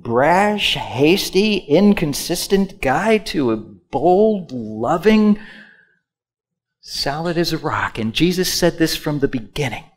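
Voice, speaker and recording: A male pastor preaching a sermon, swinging from loud emphatic lines to hushed asides and having the congregation repeat words after him. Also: mid-range voice, gravelly.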